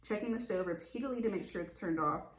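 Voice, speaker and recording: A woman's voice: medium pitch, fast. Young woman, casual explainer, chatty with lots of likes and ums, roomy echo. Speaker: mental health vlogger. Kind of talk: casual talking-to-camera explainer.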